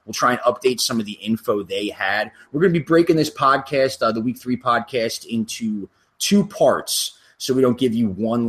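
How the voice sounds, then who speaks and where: A man's voice: mid-range voice, lively intonation, brisk, few pauses, a bit bright. A man co-hosting a sports podcast in loose, joking chat, swearing now and then. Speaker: podcast co-host.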